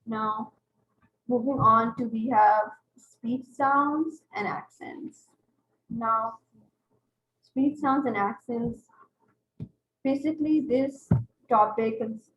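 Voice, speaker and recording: A woman teaching an online class, explaining step by step and checking in with her students. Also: fairly high pitch. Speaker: English tutor. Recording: roomy, dull lo-fi online class audio.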